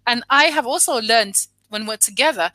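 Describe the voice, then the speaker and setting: Bright, reflective woman guest. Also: fairly high pitch, no echo. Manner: reflective, halting with restarts. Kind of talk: casual conversation.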